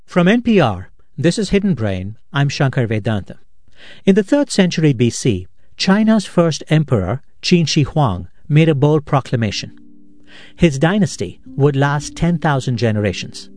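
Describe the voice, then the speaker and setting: A man hosting a podcast, giving measured, reflective scripted narration in a studio. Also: on the high side, sing-song, darkish tone. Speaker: podcast host.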